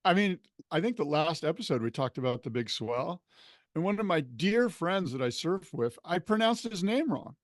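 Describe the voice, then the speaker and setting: A man's voice: fairly high pitch, big pitch swings, moderate pace, dry recording, clean studio sound. A man co-hosting a podcast in casual chat, telling stories with laughs mid-sentence. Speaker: podcast co-host.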